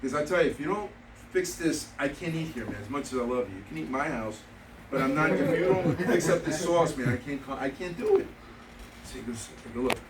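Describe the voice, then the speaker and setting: Speaking briskly and animatedly in a voice on the high side, a man trains insurance agents in a motivational seminar before a live audience in a meeting room. Emphatic and repetitive, he tells stories with quoted dialogue, captured by a distant mic in an echoey room with crowd noise.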